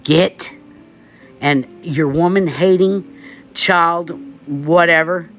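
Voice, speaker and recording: A man's voice: a little high, a bit bright. A man from the United States ranting emphatically to camera, laughing often. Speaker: vlogger. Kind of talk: opinion rant to camera.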